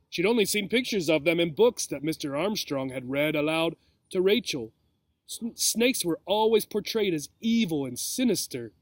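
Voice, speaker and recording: A man reads a children's chapter book aloud in a fairly high voice, telling the story expressively. The sound is close and dry, with no room echo. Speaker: reader.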